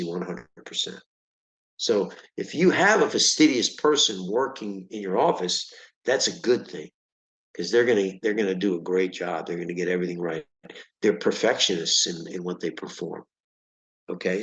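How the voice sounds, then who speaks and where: A reading tutor gives a student a one-on-one vocabulary lesson, patiently explaining each word with examples and often asking "okay?" His voice is low-pitched and a bit bright, heard in an echoey room on a low-quality recording.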